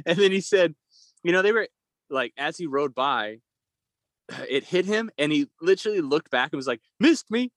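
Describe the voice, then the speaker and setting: Young man, lively, swearing storyteller. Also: a little high, normal speed, pauses often, dry recording. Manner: rambling, profane, laughs while telling stories. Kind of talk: casual storytelling chat.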